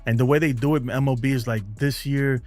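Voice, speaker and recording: A man's voice: medium pitch, fairly even intonation, fast, darkish tone, soft background music. A man hosting a casual baseball fan stream from home, laughing often and saying "man" and "bro" a lot. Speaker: baseball fan channel host. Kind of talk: casual live-stream chat reading viewer comments.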